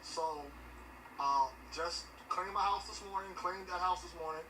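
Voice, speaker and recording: A man doing an odd-accented male cleaning-show host who drawls through his chatter in a high voice. The clip sounds far off, with clear background noise. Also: measured pace, echoey room. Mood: chatty. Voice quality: strange unplaceable put-on accent. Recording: distant, noisy clip played from a video.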